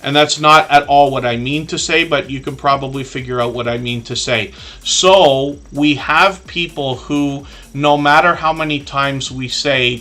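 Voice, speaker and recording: A man's voice: medium pitch, moderate pace, sharp tone. A man hosting a live stream, talking casually and earnestly to his chat with many fillers and asides.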